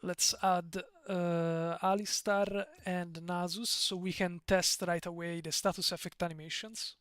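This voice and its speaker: A man's voice: high voice, little pitch movement, measured pace, a bit bright. A man with an Italian accent chatting casually on a live stream, rambling, digressing and laughing often. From Italy.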